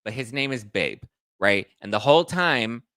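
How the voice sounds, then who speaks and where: A man hosting a celebrity gossip commentary show, telling the story in an animated, sarcastic way. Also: mid-range voice, normal speed, clean tone, dry recording. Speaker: host.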